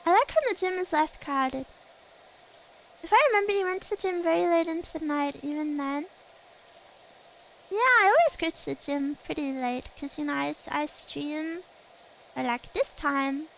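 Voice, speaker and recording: A woman's voice: high-pitched, animated, normal speed, gravelly, long pauses, a bit bright, slight background noise, poor audio. A woman streamer chatting casually with her viewers while playing a game, bubbly and giggly. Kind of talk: casual chat while gaming.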